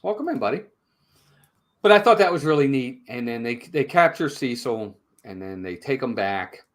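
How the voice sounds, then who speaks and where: A man co-hosting a casual live-stream movie review, retelling scenes in an animated way. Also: mid-range voice, normal speed.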